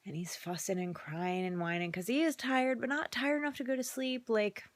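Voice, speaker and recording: A woman's voice: mid-range voice, fairly even intonation, moderate pace, no room sound. A worn-out mother telling a casual vlog story about a long night, chatty and often dropping into a whisper. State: exhausted. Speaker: mother vlogging. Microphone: phone camera.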